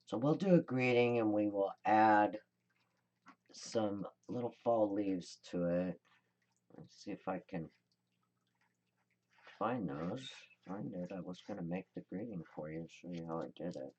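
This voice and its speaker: A woman's voice: very deep voice, unhurried, long pauses, dark tone, highs cut off. A woman hosting a card-making tutorial, chatting casually and thinking aloud as she works. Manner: chatty, rambling, thinks aloud while working. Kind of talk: casual crafting demonstration.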